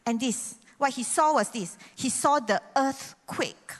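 A woman preacher, giving a sermon and acting out quoted voices with sudden loud bursts. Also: high voice, measured pace. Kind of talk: sermon with prayer. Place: church hall. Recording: long hall reverb.

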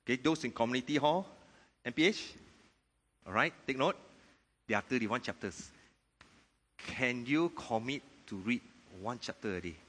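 A man preaching a sermon in a church hall, firing off rhetorical questions and swelling louder on key points. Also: mid-range voice, expressive, normal speed, pauses often. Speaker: pastor. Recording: long hall reverb.

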